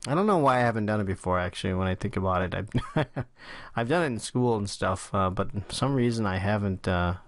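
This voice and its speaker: Casual low-voiced man hosting a drawing tutorial. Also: lively intonation, brisk, no room sound. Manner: casual and chatty, with frequent "uh" fillers. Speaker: drawing channel host. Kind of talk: tutorial talk while sketching.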